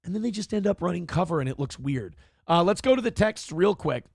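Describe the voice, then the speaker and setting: A man hosting a morning show, ranting with profane sarcasm in a high, gravelly voice. His pitch swings widely as he talks, and the sound is dry and close. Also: expressive, a little fast, a little mellow, dry recording. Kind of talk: ranting commentary on news clips.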